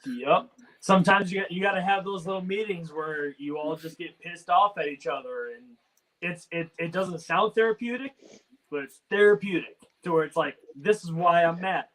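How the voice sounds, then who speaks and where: A man with a high, bright, forceful voice, chatting easily on a podcast. He drops quick asides and keeps things light. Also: rough recording. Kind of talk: casual podcast chat.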